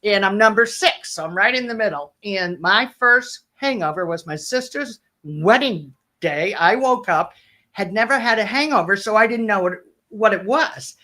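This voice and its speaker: A woman's voice: mid-range voice, animated, moderate pace, bright, forceful tone. A middle-aged woman chatting as a guest on a radio talk show. She tells her anecdotes with energy and acts out every line she quotes. She laughs often as she goes. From Irish Catholic family of ten kids. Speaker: justice of the peace, guest. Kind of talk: casual radio chat, storytelling.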